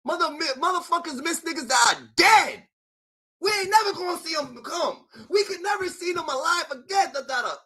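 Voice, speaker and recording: High bright-voiced man ranting. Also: brisk, low-quality recording. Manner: animated, profane, filler-heavy. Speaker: commentator. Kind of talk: ranting commentary.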